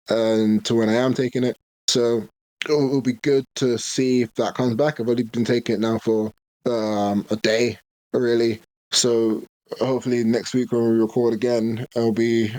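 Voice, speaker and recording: A man's voice: medium pitch, darkish tone, no echo. Hesitant young man chatting. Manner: hesitant, halting with fillers. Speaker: podcast co-host. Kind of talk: casual podcast chat.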